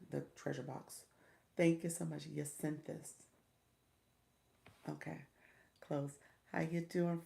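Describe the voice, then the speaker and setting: Middle-aged female streamer-coach, low and very fry-heavy, chatty and encouraging, greets viewers by name. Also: dark tone. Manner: encouraging, coaching tone with repeated "okay?". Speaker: livestream host and coach. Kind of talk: casual livestream chat.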